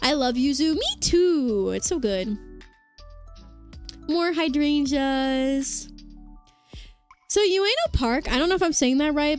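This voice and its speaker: High-voiced young woman rambling on stream. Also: a little mellow. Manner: rambling, filler-heavy, reads chat aloud. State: sore throat after hours of talking. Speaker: vtuber streamer. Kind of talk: casual livestream chat. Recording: faint music behind the voice.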